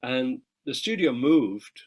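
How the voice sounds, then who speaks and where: Husky middle-aged Irish man telling stories. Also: medium pitch, low-quality recording. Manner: animated anecdotes, quick asides and frequent swearing. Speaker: guest musician. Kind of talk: casual interview storytelling.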